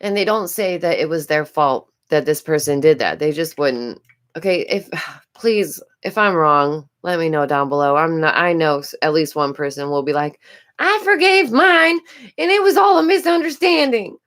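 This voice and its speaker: New york lady streaming, kinda low voice, stuffy nose, repeats herself and giggles a lot. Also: moderate pace, clear, resonant tone. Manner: chatty, repeats phrases, giggles often. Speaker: commentary streamer. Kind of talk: casual live-stream commentary.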